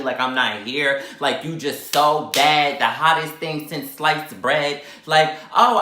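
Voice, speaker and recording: A man tells a wild story to his camera, throwing himself into every quoted line with sudden jumps in pitch. His voice is bright and forward, and the room behind him echoes noticeably. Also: a little hiss or hum. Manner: dramatic, acts out quotes with big pitch jumps. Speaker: vlogger. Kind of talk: animated storytime while eating.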